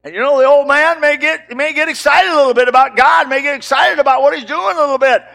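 An older man preaching a sermon, swinging from shouts to soft, low asides. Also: steady tone, fast, gravelly, hardly any pauses.

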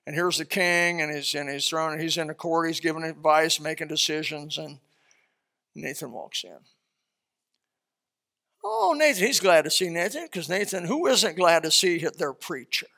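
A man preaching a sermon, retelling a Bible story in an animated, conversational way. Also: a little high, normal speed, vocal fry.

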